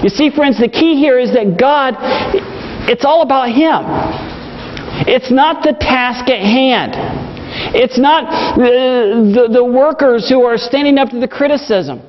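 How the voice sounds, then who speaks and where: A man with a strikingly high voice preaches from the pulpit in an earnest way, hammering his points home by repeating them. The recording is dull and lo-fi, and a long hall reverb trails after each phrase. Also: measured pace, slight background noise. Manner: earnest, storytelling with emphatic repetition. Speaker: pastor. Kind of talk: sermon.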